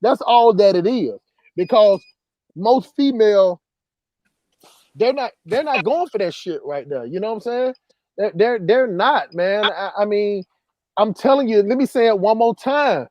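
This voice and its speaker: A man's voice: high-pitched, animated, unhurried, a little mellow, no room sound, lo-fi sound. A man hosting a casual livestream, reading chat comments and telling stories in a loose, repetitive, laughing way. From southern US countryside. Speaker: livestream host.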